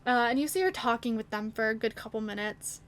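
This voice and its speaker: A woman narrating a tabletop game as game master, laughing as she goes and pausing often. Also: on the high side, lively intonation.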